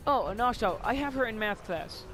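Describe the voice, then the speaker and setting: A man's voice: high voice, animated, a little fast, over music. A teenage boy telling a rambling school story in casual chat, giggly and casually swearing. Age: teens.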